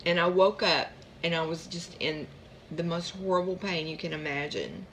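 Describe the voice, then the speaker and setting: Gravelly-voiced woman telling her story. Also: lowish voice, lively intonation, normal speed, fairly bright tone, a little hiss or hum. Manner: rambling, chatty, with fillers and asides. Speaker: vlogger sharing her chronic pain story. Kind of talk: casual personal storytelling.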